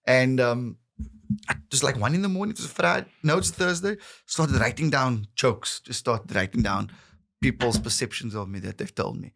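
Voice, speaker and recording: A man's voice: mid-range voice, normal speed, creaky. A man in his thirties with a Cape Town South African accent, a comedian telling stories on a podcast and acting out the voices of the people in them. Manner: animated storyteller acting out voices, bursts of laughter and shouts. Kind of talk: casual storytelling conversation.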